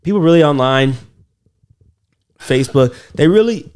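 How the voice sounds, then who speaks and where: A man's voice: fairly high pitch, animated, normal speed, darkish tone, clean tone. A man co-hosting a comedy podcast, telling loose, profane stories in casual chat. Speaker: podcast co-host.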